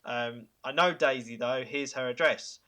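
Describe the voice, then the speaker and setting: A gruff bar owner, as a man puts him on in close to his own voice. He talks quickly and bluntly. Each line comes out apologetic. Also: mid-range voice, pushed and bright.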